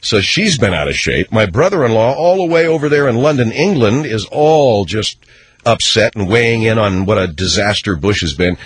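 A man hosting a call-in radio talk show, chatting in a sardonic, animated way. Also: lowish voice, moderate pace, slightly rough.

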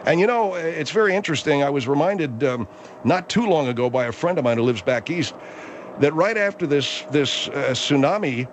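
A man's voice: fairly high pitch, animated, moderate pace, a little hiss or hum. Easygoing male talk radio host. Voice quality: easygoing, chatty, mediating. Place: radio studio.

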